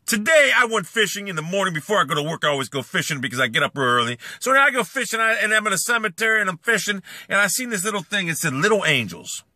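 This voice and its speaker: Profane ranting man, high lively voice. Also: fast talker, hardly any pauses, no echo, clean studio sound. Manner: profane, repetitive, swings between brooding and shouting. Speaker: YouTuber. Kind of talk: angry rant vlog.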